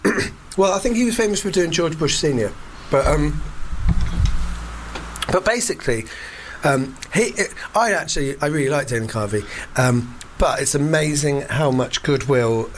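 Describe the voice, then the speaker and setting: A man's voice: fairly high pitch, lively intonation, a little hiss or hum. A man hosting a casual podcast chat, joking and playful. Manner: joking, playful, quick asides.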